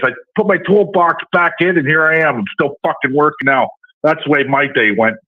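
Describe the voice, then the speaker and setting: A man's voice: a little high, fairly quick. Brash Southern man ranting by phone. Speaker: caller. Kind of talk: profane call-in rant. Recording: tinny phone line.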